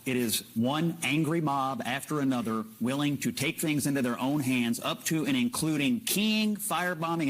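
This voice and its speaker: Forceful, indignant TV pundit man. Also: mid-range voice. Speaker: political commentator. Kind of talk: heated TV panel debate.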